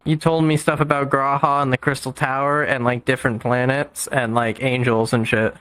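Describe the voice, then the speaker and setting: A man's voice: mid-range voice, flat delivery, normal speed, fairly bright tone, clean tone, dry recording, faint music behind, low-quality recording. Blunt, swearing man on a dry mic. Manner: blunt, swears freely, teasing. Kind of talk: casual chat.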